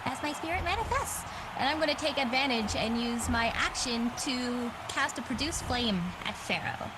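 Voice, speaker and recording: A woman's voice: sits high, lively intonation, normal speed. A woman playing a tabletop game, describing her character's magic in a descriptive, playful way. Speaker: player. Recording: clear background noise.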